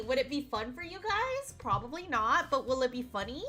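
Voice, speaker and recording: A woman's voice: sits high, big pitch swings, moderate pace, sharp tone, faint music behind. A woman streamer chatting casually with her viewers, playful and teasing, with frequent giggles.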